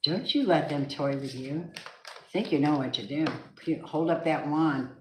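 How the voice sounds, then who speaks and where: A woman with a low voice reads tarot cards aloud in a loose, emphatic way and talks straight to her viewers. Her voice bounces around a reverberant room. A faint hiss sits under the recording. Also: normal speed. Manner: chatty, emphatic, sings snatches of songs. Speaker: tarot reader. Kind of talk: casual tarot reading monologue. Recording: echoey room with faint noise.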